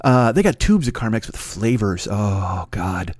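A man's voice: lowish voice, big pitch swings, a little mellow, no echo, clean studio sound. Profane, rambling male podcast host. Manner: profane, self-mocking, rambling; talks fast, then slows down. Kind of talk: rambling comic monologue.

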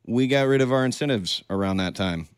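A man's voice: mid-range voice, brisk, smooth, no echo, clean studio sound. A man co-hosting a podcast in casual chat, making wry joking asides. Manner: wry, joking asides, drops into quoted voices. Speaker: podcast co-host.

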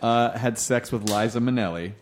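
A man chatting casually in a comedy conversation, telling stories with animated swings in his voice. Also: moderate pace. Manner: lively storytelling, animated swings in pitch.

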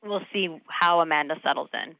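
A woman in her thirties, an actress talking casually in an interview, animated, laughing often and full of fillers. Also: deep voice, brisk, gravelly, no echo, narrow, tinny audio. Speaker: actress guest.

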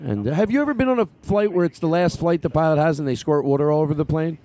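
A man hosting a podcast in an animated, laughing, comedic chat. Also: fairly high pitch, quick pace.

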